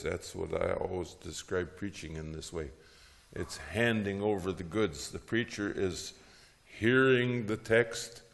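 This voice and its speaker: A man teaching about preaching, who tells Bible stories in a lively way with frequent "huh?" asides and chuckles. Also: lowish voice, gravelly, big-room sound.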